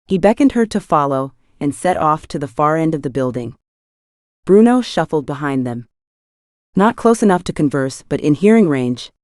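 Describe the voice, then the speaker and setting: With a deep voice, a woman narrates a scripted audiobook in an even, measured way. The sound is studio quality, with no echo.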